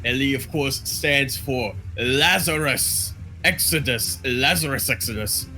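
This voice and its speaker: A man voicing a brash male announcer with a put-on Australian accent, giving a loud, hyped player introduction. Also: mid-range voice, measured pace, soft background music.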